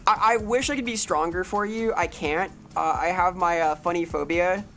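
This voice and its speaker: A woman's voice: fairly low pitch, moderate pace, fairly bright tone, a little hiss or hum. A woman streaming a game live, rambling playfully, swearing freely and greeting chat members.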